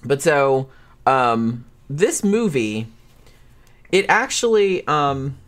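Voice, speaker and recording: A man's voice: medium pitch, very animated, drawn-out words, a bit bright. A man co-hosting a casual movie podcast, explaining background in long, hedging run-on sentences. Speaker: podcast co-host.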